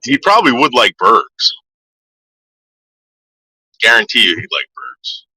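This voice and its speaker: A man's voice: mid-range voice, lively intonation, slow pace, pushed and bright, breathy edge, dry recording, poor audio. Rambling New man telling stories. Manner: rambling, repeats words, quotes people in put-on voices. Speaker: streamer telling stories about his father. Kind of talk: casual storytelling to a live chat.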